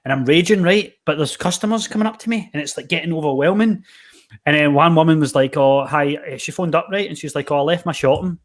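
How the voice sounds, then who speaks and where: A Scottish podcast host who also works as a personal trainer, speaking with a slightly high voice at a quick pace. He tells rambling, animated stories packed with fillers in a casual chat.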